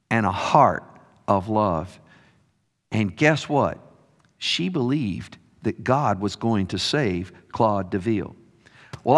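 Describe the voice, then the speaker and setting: A man preaching a sermon as a story, slow and expressive, dropping his voice softly on key words. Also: medium pitch. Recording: long hall reverb.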